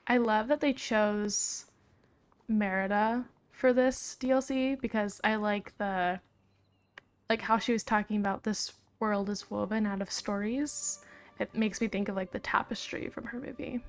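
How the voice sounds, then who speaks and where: A woman hosting a video game let's play, chatting casually and rambling, with occasional hushed asides. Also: medium pitch, measured pace. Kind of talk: casual gameplay commentary.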